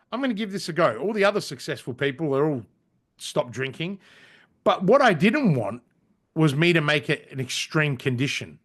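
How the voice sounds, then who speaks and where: A man in his forties, a podcast guest telling stories in casual chat, animated, swearing casually and saying "mate" and "right?". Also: on the high side. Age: 40s.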